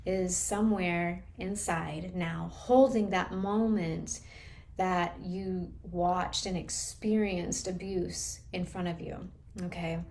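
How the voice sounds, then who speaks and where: Earnest woman coach explaining gently. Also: on the low side, fairly even intonation, slow, gravelly. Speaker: trauma recovery coach. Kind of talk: live class teaching.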